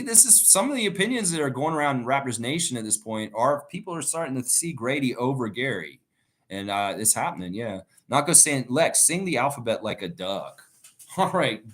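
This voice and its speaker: A man's voice: medium pitch, fairly bright tone. A man hosting a casual live stream, chatting loosely and reading viewer comments aloud as he rambles through his thoughts. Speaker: livestream host reading chat. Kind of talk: casual live reaction chat.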